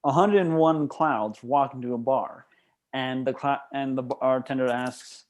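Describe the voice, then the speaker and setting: A man's voice: mid-range voice, steady tone, normal speed, a little mellow. Man telling improv jokes with restarts. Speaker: improv performer. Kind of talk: improv comedy game.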